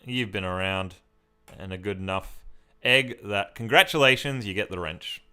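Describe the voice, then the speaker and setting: Bright, clear-voiced Australian man. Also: on the low side, normal speed. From Victoria, Australia. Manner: chatty, reads and answers chat comments. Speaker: streamer. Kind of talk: casual live-stream chat with viewers.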